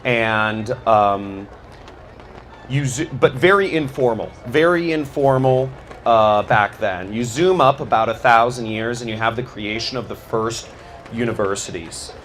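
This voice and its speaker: A man's voice: medium pitch, measured pace, fairly bright tone, slight background noise. A man giving a loose, rambling talk, full of fillers and restarts. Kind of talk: casual spoken talk on history.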